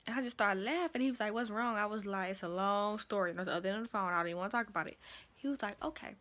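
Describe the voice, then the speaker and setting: A young woman vlogger telling a work story in a chatty, animated way, calling her viewers y'all. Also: mid-range voice, very fast. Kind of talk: casual storytime.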